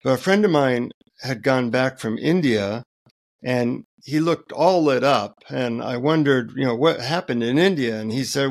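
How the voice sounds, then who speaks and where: A middle-aged man, a guest author, telling relaxed anecdotes in an interview with many fillers. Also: mid-range voice, unhurried. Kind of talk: interview storytelling.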